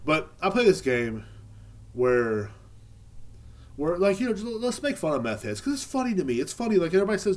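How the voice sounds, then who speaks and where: A man hosting a casual beer podcast, telling a sarcastic, profane story with a lot of rambling. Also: a little fast. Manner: lively pitch jumps when mimicking others. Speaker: podcast host.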